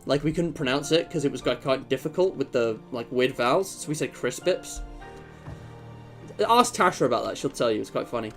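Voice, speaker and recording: A man's voice: medium pitch, lively intonation, fast, hardly any pauses, a bit bright, faint music behind. A young man streaming, chatting casually and rambling with jokes and fillers. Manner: rambling and joking, many fillers. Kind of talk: casual chat.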